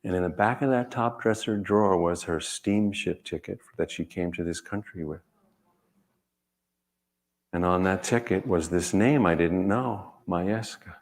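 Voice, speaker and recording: A man, an author, speaking gently and reflectively in short measured phrases, then reading his own writing aloud. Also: deep voice.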